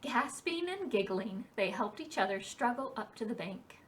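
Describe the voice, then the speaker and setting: Reading aloud to a preschool group at the library, this woman uses a slow, expressive storybook rhythm in a voice on the high side. She's far from the mic.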